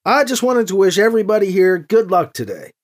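A guilty young man puts on a friendly front that sounds a little forced, voiced by an audiobook narrator. His voice is husky and breathy. The pitch swings widely from line to line. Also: sing-song, fairly quick. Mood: uneasy. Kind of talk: audiobook character reading.

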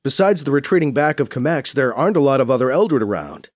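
Lively male audiobook narrator. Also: fast, dry recording, clean studio sound. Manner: expressive storytelling with lively pitch. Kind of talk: scripted narration.

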